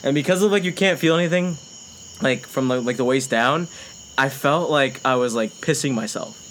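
A man's voice: medium pitch, moderate pace, fairly bright tone. A young man telling a long, swear-filled story in casual chat, often laughing and acting out what people said. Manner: laughs often, heavy swearing, acts out quotes. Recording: faint background noise.

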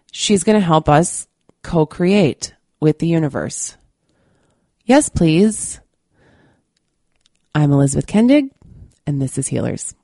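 A woman's voice: sits low, gravelly, warm tone, no room sound, clean studio sound. A woman hosting a podcast, talking candidly and earnestly to her listeners, still a little stuffy from a cold. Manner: candid and earnest, with many fillers. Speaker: podcast host. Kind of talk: casual monologue to listeners.

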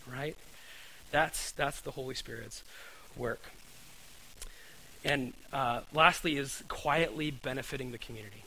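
A man's voice: mid-range voice, moderate pace, pushed and bright, a little hiss or hum, poor audio. A man preaching a conversational sermon, earnest, often repeating words and asking his listeners "right?".

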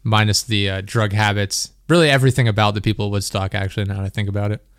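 A man's voice: fairly low pitch, fairly even intonation, fast talker, no echo, studio quality. A man hosting a podcast, telling stories animatedly with frequent swearing and laughter. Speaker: podcast host. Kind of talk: casual chat.

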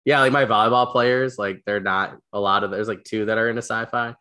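A man hosting an interview, rambling excitedly with lots of fillers as he tells stories. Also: fairly low pitch, brisk. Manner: rambling, animated storytelling with many fillers. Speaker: podcast host, teacher and coach. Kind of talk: casual interview chat.

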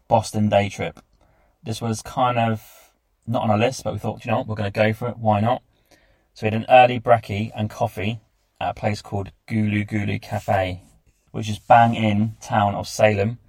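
Gravelly low-voiced man recounting travels. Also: a little mellow, dry recording. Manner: chatty, enthusiastic recounting with lists. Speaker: travel podcast host. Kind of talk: casual travel diary narration.

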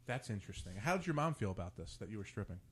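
A man's voice: lowish voice, rapid-fire, slightly rough. A man hosting a casual talk show who tells crude stories and acts out the dialogue. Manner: storytelling, animated and crude, quotes friends in dialogue. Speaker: podcast host. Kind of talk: casual chat.

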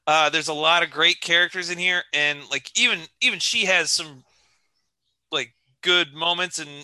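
A woman's voice: fairly low pitch, normal speed, bright, forceful tone, dry recording. A woman co-hosting a casual film podcast, complaining with exasperated, profane remarks. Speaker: podcast co-host.

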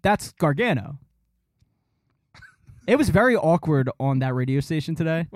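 A man chatting casually about sports on a podcast, animated and fond of doing impressions. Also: fairly high pitch, moderate pace, dry recording. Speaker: podcast host.

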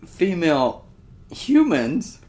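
A man's voice: on the high side, wildly swooping pitch, slow, a little mellow. A man co-hosting a podcast, talking casually and joking with easy laughter. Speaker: podcast co-host. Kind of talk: casual chat.

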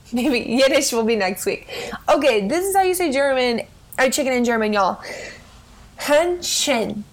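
High-voiced playful woman podcaster. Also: moderate pace. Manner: playful, animated. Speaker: podcast co-host. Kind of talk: casual chat.

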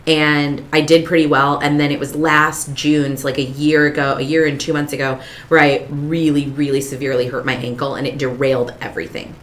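A woman's voice: low-pitched, level tone, a little fast, slight background noise. A woman podcast co-host in her thirties, chatting frankly and swearing freely. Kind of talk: casual chat.

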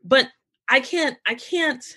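A young adult American woman hosting a podcast, talking casually and telling stories in an animated way. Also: high voice, slow pace, husky. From United States. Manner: animated storytelling, quotes relatives in lively voices. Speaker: podcast host. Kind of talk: casual conversation.

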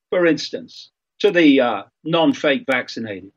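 Husky older man, slow and emphatic. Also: a little high, animated, muffled recording. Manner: earnest, emphatic, halting with fillers. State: frog in his throat. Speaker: guest. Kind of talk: impassioned talk-show monologue.

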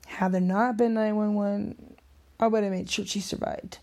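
A woman's voice: mid-range voice, steady tone, moderate pace, a little mellow. A middle-aged woman talking in an emotional, rambling vlog monologue, sometimes dropping to a whisper.

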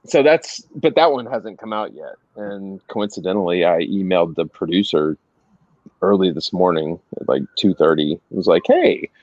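A middle-aged man casually telling anecdotes as a guest, animated and laughing as he goes. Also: low-pitched, moderate pace, dry recording. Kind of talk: casual storytelling. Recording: dry, slightly dull sound.

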